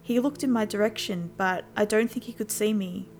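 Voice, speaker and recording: A woman narrating a first-person horror story in a steady storytelling voice. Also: medium pitch, moderate pace, a little hiss or hum. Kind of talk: scripted scary story narration.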